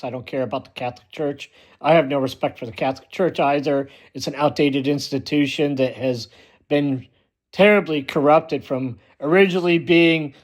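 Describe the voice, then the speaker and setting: A man delivering a blunt, emphatic ranting monologue as a vlogger, often repeating himself for force. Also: mid-range voice.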